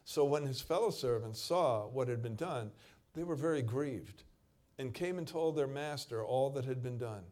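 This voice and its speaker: In a sermon delivered at normal speed, a man with a medium-pitched voice reads scripture dramatically. Loud stretches give way to quiet emphasis and back again.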